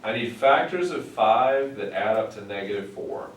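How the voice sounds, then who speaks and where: A man with a lowish voice tutors math, wry and matter-of-fact. He sounds set back from the mic in a roomy classroom. A faint hiss sits under him. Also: expressive, normal speed. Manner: wry, dry humor while working problems. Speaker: math teacher. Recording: roomy, distant mic, some noise.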